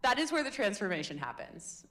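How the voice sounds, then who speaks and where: A woman coaching public speaking in a live workshop, energetic and playful, demonstrating different voices. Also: medium pitch, fairly quick. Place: workshop room with audience.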